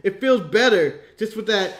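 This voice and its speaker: High-voiced laughing American man. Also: moderate pace. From United States. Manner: animated storyteller, laughs a lot. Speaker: podcast co-host. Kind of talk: casual chat.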